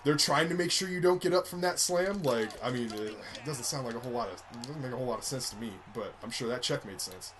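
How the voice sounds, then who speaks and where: A man at an ordinary middle pitch talks loosely while playing a game with a friend. He swears freely, tells stories about his family and breaks into laughter often. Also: animated, fast, few pauses, crowd noise. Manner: profane, laughing storyteller. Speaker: podcast co-host. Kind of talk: casual gaming chat.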